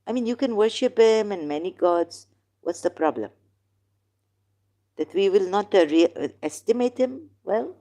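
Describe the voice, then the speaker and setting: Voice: mid-range voice, animated, normal speed, warm tone. A host giving a casual, rambling monologue of religious commentary in broken, non-native English, arguing and putting questions to the listener. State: in neck pain, groaning.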